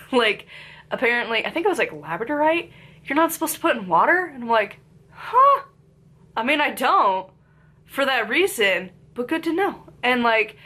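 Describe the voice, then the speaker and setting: A woman with a slightly high voice talks through a book review in a loose, rambling way, peppering her sentences with "like" and playful asides. Her voice is congested from a cold she's still getting over. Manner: chatty, lots of "like" fillers, animated asides. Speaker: book reviewer and witchcraft author.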